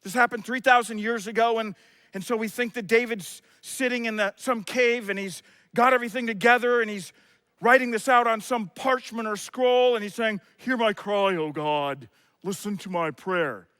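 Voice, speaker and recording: A middle-aged man, a pastor, preaching a sermon with passion and sometimes shouting. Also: very high voice, steady tone, moderate pace, clean tone, no echo. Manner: impassioned, shouts out acted quotes.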